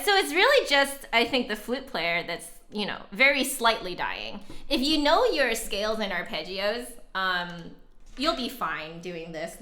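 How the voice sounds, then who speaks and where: Casting: young woman streamer, chatty and giggly, bright tone, slow unhurried delivery, slightly winded. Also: mid-range voice. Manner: chatty, giggly, reads chat aloud. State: a little out of breath. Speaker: flutist streamer. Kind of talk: casual live-stream chat.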